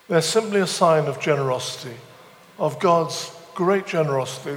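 A man's voice: fairly high pitch, big-room sound. A man preaching a sermon, mixing scripture with humorous stories and self-deprecating asides. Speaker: visiting preacher. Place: church weekend away venue, large room.

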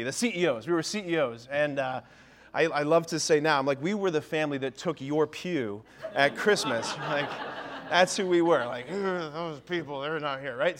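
Self-deprecating priest giving a talk, slightly high. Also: male voice. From Ohio. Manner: self-deprecating storyteller, keeps asking "right?". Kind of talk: humorous parish talk to parents. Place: parish hall or church.

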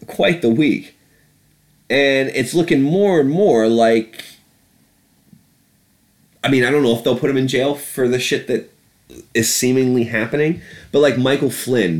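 A man's voice: medium pitch, darkish tone. A man ranting about politics on a podcast, profane and sarcastic. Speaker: podcast host. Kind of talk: casual political rant.

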